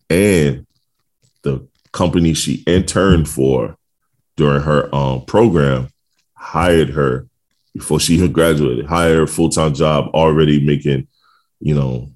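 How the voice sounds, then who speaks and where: A man's voice: a bass voice, a little mellow. A man in his forties co-hosting a podcast, chatting casually in a laid-back, rambling way with lots of fillers and easy laughter. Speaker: podcast co-host. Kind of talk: casual chat.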